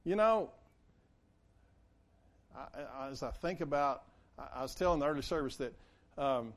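A man's voice: medium pitch, moderate pace. A man preaching a conversational sermon, acting out the quotes he reads. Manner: conversational, animated, acts out quotes. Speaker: pastor.

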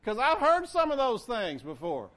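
A man's voice: extremely high pitch, moderate pace. A man preaching a conversational sermon, acting out the quotes he reads. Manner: conversational, animated, acts out quotes. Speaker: pastor.

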